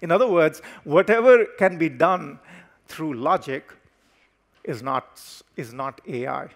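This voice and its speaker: Measured man giving a keynote. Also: fairly high pitch. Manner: measured, explanatory, stresses key words with pauses. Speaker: company CEO giving a keynote. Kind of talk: conference keynote talk. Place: conference stage.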